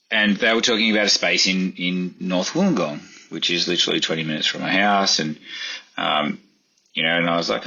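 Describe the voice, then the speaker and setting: Deep-voiced man, rambling chat. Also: pushed and bright, dull audio. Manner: rambling, lots of fillers, acts out quotes in a higher voice. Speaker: chef and podcast guest. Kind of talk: casual interview storytelling.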